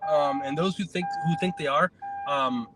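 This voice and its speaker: A man co-hosting a casual talk show, joking in a dry, deadpan way. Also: a little high, normal speed. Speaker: co-host. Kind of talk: casual chat.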